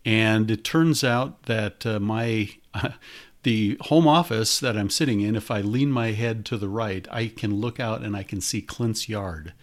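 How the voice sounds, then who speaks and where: A man's voice: fairly low pitch, unhurried. An older man hosting a podcast in casual chat, with a chatty, hesitant manner. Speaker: podcast host.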